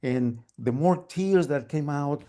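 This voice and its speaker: A man telling a story at a live storytelling event, animated and humming sewing-machine sounds. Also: on the high side, slow pace. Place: storytelling event, online gallery view.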